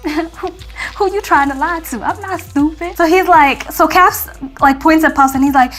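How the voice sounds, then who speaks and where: A woman's voice: high voice, measured pace, soft background music. A young American woman telling a story in a casual vlog, chatty and acting out what people said. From United States. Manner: chatty, acts out quotes in lively voices, frequent fillers. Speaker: vlogger.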